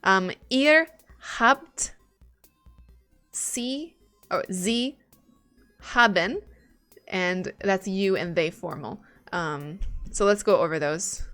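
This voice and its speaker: A woman's voice: on the low side, slow pace, fairly bright tone, soft background music. A woman streaming live as she studies German, chatting casually and thinking aloud, swearing now and then when she gets stuck.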